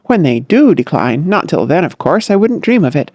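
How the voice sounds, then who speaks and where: A narrator voicing a glib, cheerful young man who talks in smooth, airy flourishes in a comic audiobook. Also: on the high side, very animated, normal speed, darkish tone, dry recording, studio quality. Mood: breezy, smooth. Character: breezy, glib young man eager to please.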